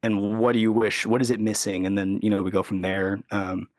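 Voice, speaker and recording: In a casual podcast interview, a guest who is a recording engineer and producer speaks briskly in a lowish voice with little pitch movement. He rambles, filling his speech with "like" and "you know," and acts out other people's words. The recording is dry and studio quality.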